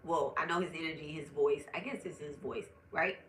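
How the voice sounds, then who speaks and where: A woman's voice: low-pitched, brisk, roomy sound, faint music behind, low-quality recording. A young woman, a spiritual medium, chatting to her viewers as she tells a personal story. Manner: chatty, animated, addresses viewers directly.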